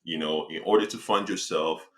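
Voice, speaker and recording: A man with a low, deep voice talks to his viewers in a relaxed, slangy way. He gives motivational life advice and stretches out words to stress them. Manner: slangy, conversational, slows for emphasis. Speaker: self-help speaker. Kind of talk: casual motivational talk.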